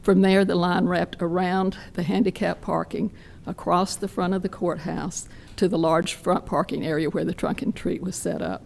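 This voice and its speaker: Hoarse woman at a podium. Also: on the low side, level tone, darkish tone, a little hiss or hum. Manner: detailed, measured account. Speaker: public commenter. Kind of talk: public comment at a meeting. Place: county meeting room at a podium. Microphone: podium mic.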